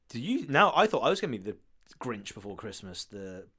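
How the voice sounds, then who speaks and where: English guy rambling on a podcast, laughing a lot, voice swings all over. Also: mid-range voice. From south of England. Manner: rambling, laughs often, animated storytelling. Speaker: podcast co-host. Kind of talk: casual chat.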